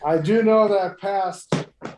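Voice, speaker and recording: A man's voice: high-pitched, normal speed, noisy background. A man, a professional golfer, telling stories in casual podcast chat, emphatic and heavily profane. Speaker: pro golfer guest. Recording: echoey room.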